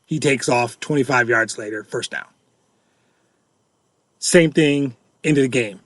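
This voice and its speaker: A man's voice: mid-range voice, unhurried, a bit bright, no room sound. A middle-aged man hosting a fan-reaction podcast, ranting in an exasperated, repetitive way and hammering the same points over and over. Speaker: podcast host.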